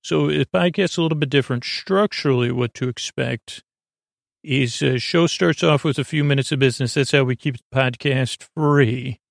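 Guy with a creaky gravelly voice rambling slow and sleepy, loses his thread all the time, dry close sound. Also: medium pitch, no echo. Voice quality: creaky, dulcet tones. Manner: meandering, full of fillers, restarts and pointless tangents; slow, drowsy, lulling delivery. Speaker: sleep podcast host. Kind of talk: rambling bedtime monologue.

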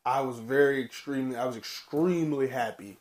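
A man's voice: medium pitch, fairly quick. A man co-hosting a podcast in easygoing casual chat, laughing a lot. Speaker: podcast co-host.

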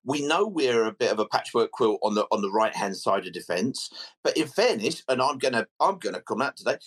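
A man's voice: mid-range voice, animated, brisk, a bit bright, slightly rough, rough recording. A man hosting a casual football podcast, jokey and full of stammered restarts. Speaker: podcast host.

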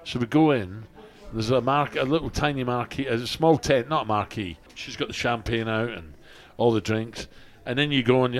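An older man, a radio co-host, telling animated anecdotes in casual chat. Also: mid-range voice, moderate pace. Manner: animated storyteller, puts on voices in quotes.

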